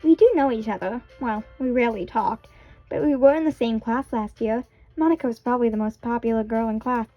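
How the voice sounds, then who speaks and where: High-pitched young woman reading a visual novel out loud, chatty and a bit awkward, kinda muffled mic. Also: brisk, soft background music. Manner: chatty, self-conscious, giggly asides. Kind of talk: casual let's-play narration with character voices.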